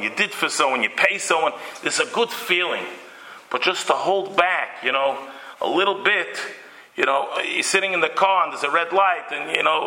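Bright-voiced rabbi acting out stories, echoey room. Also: male voice, a little high. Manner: storytelling, acts out scenes with sudden loud outbursts. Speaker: rabbi giving a Torah talk. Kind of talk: Torah lecture with Yiddish and Hebrew terms.

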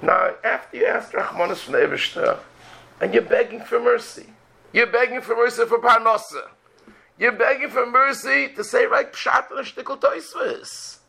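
High, gravelly man giving a religious lecture. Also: normal speed, sharp tone, low-quality recording. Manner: rhetorical questions, acts out prayers. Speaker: rabbi.

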